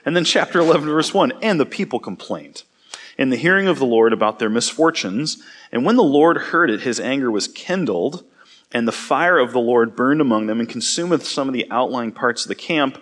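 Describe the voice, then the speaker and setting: A man's voice: medium pitch, expressive, brisk, fairly bright tone. A man reads a Bible passage aloud, leaning into the speakers' lines with rising, dramatic emphasis. Between verses he slips into a loose, conversational teaching voice with fillers and the occasional stumble. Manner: casual asides with fillers and small slips. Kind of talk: scripture reading with casual commentary.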